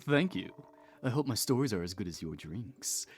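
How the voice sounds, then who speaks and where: A man voicing a dim-witted, good-natured male barbarian adventurer in a goofy, slow storytelling voice. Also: lowish voice, lively intonation, a little hiss or hum, natural voice. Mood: friendly.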